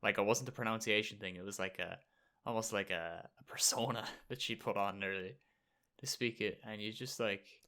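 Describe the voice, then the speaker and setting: A man's voice: lowish voice, steady tone, moderate pace, bright, forceful tone. A young man from Ireland chatting casually as a podcast co-host, laid-back with short agreeing replies. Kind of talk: casual chat.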